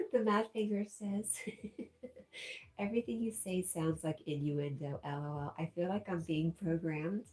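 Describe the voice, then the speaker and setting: A woman's voice: lowish voice, a little slow, a little mellow. A woman hosting a casual livestream, reading out viewer comments and laughing often. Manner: giggly, reads out chat messages. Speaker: livestream host.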